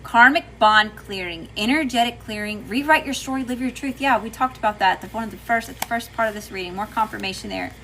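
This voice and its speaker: Casting: folksy Southern woman, tarot livestreamer, bright tone, faint room noise. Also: a little high, fast, hardly any pauses, low-quality recording. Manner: chatty, folksy, says y'all often. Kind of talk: casual livestream tarot reading, greeting chat.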